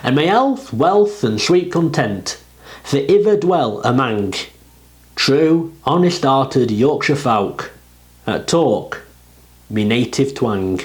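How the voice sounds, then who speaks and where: Slow, expressive male poetry reciter. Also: mid-range voice, poor audio. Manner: expressive, rising and falling delivery. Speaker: poetry reader.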